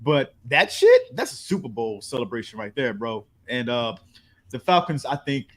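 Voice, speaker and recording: A man's voice: mid-range voice, wildly swooping pitch, normal speed, a bit bright. A man hosting a sports podcast in casual, profane chat, often acting out what other people say.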